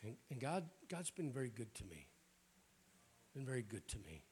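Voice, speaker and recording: A man's voice: medium pitch, sing-song, moderate pace, a little mellow, slight background noise. An older man with a Southern accent preaching a sermon in a folksy, joking way. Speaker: bishop preaching.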